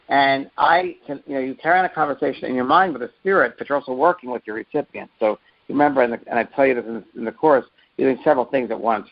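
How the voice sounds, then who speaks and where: A man who teaches mediumship, telling stories from his work in an earnest, emphatic way and often repeating his words. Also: medium pitch. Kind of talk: interview answer, storytelling. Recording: muffled lo-fi audio.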